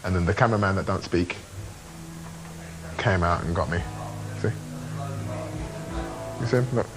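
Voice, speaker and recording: A young man chatting playfully through a video diary, showing places and dropping to hushed asides. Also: low-pitched, moderate pace, over music, poor audio. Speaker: reality show contestant.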